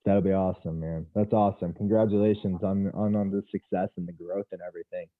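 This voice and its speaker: A man with a lowish voice, heard over a thin, phone-like line with a dry sound. He is a wrestling coach talking casually, laid-back and encouraging, often doubling up his words. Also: steady tone, fast talker, dry recording. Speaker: wrestling coach, podcast guest. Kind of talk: casual chat.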